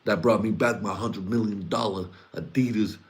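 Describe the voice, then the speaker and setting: A man's voice: lowish voice, steady tone, moderate pace, close to an everyday voice. A man putting on a boastful impression of a famous male athlete bragging about his exploits.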